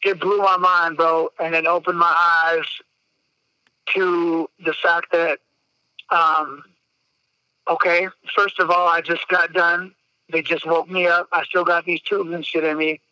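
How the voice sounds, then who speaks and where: A man's voice: a little high, little pitch movement, measured pace, bright, forceful tone, clear, resonant tone, no room sound, low-quality recording. A man hosting a podcast, telling a personal story in a blunt, profane and emotionally open way. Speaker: podcast host.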